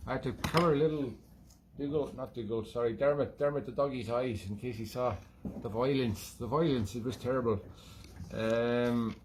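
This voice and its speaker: Man playing a cheeky male leprechaun, put-on Irish brogue, rambling corny jokester, middle pitch, faint background noise. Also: normal speed, a little mellow, lightly acted. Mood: playful. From Scotland. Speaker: musician and show host. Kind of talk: casual comic chat between tunes.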